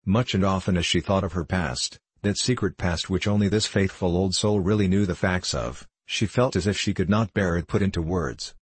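A man narrating an audiobook in a measured, formal storytelling manner. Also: sits low, breathy edge, dry recording.

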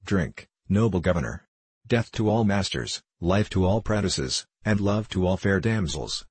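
A man voicing a blind male cellar host who fawns and flatters with mock-grand speech, in a low husky voice. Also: unhurried, dry recording, exaggerated voice. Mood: fawning flattery. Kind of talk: audiobook character reading.

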